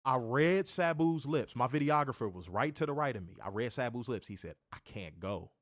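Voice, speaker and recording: A man's voice: medium pitch, animated, fairly quick, dry recording, clean studio sound. A man hosting a wrestling show, telling a story in a casual, rambling way. He repeats himself, corrects himself and swears.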